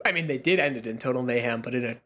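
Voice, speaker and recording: A young adult host recapping a wrestling event in excited casual chat, swearing freely. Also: medium pitch. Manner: rapid, animated, swearing freely. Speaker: podcast host.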